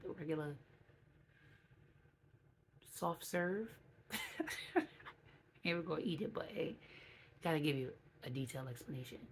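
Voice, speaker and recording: A woman's voice: low voice, slight background noise. A woman talking candidly in a casual vlog, chatty and frank, now and then acting out other people's voices. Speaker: vlogger.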